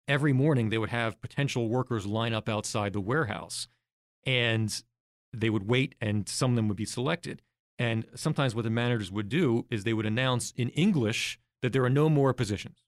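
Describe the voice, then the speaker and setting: A man's voice: mid-range voice, normal speed, dry recording, clean studio sound. A man, a guest researcher in a podcast interview, explaining his points step by step and walking through examples.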